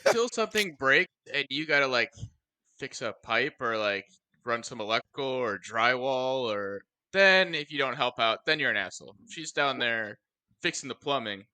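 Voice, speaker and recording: A man's voice: mid-range voice, animated, moderate pace, sharp tone, no room sound. A young man co-hosting a podcast, wisecracking and bluntly ribbing his friends in casual chat. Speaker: podcast co-host.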